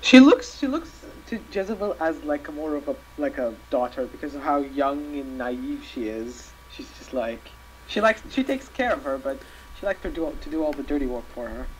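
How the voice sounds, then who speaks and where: A man's voice: fairly high pitch, lively intonation, moderate pace, slight background noise, poor audio. Rambling man chatting over voice chat. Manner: rambling, hesitant, many restarts. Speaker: tabletop role-play player. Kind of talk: casual chat during an online live game. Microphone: voice-chat microphone.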